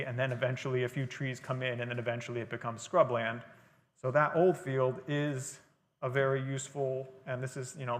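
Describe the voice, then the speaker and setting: A man's voice: medium pitch, fairly bright tone. Man lecturing in a reverberant hall. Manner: explanatory, conversational lecturing with fillers. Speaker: guest speaker. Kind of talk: library lecture on gardening. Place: library talk room.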